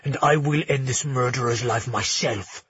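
A man's voice: mid-range voice, normal speed, fairly bright tone, slightly rough, dry recording, muffled recording, voice pushed down. A man voicing a stern, loyal male royal guard who speaks curtly and grimly in an audiobook. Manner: curt, grim.

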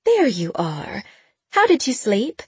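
A woman voicing an elderly aunt who is brisk, blunt and fussing in an audiobook. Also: a little high, wildly swooping pitch, darkish tone, slightly rough, no room sound, pitched above the performer's own voice, full character voice.

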